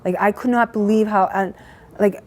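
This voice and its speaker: A woman giving an emotional personal testimony about an event she attended. She talks in a halting, earnest way, full of restarts, and her voice is shaky with emotion. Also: mid-range voice, fairly even intonation, darkish tone.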